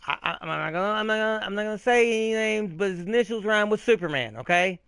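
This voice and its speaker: A man hosting a gaming video, ranting in a rambling, profane, excitable way with frequent restarts while he plays. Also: high voice, fast, vocal fry, smooth, no echo. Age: adult, old enough to remember 80s cartoons. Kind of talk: casual rant while playing a game.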